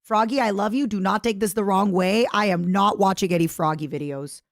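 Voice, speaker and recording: A woman's voice: mid-range voice, fairly quick, vocal fry, no room sound, clean studio sound. A woman streamer chatting casually as she reacts to a video, rambling and plugging merch.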